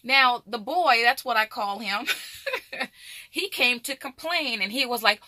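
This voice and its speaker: A woman's voice: on the high side, unhurried, sharp tone, dry recording, clean studio sound. A middle-aged woman vlogger chatting animatedly and directly to her viewers. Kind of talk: casual chat to camera.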